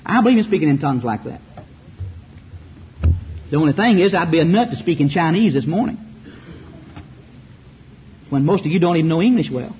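Southern male preacher, fiery and mocking, high-pitched, muffled recording with light hiss. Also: expressive, fairly quick, long pauses. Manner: fiery, rhetorical, mocking asides. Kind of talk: sermon.

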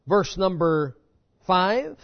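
A pastor preaches fervently to his congregation, driving hard on key words, then dropping low and intense. His voice sits high for a man. The church recording sounds dull and lo-fi. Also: sing-song, very slow, vocal fry. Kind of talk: sermon.

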